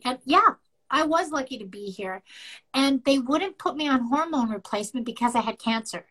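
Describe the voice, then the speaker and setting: A middle-aged woman co-hosting a podcast, telling a candid personal story in an emotional, animated way and acting out bits of dialogue. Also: sits high, moderate pace, poor audio. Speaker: podcast co-host.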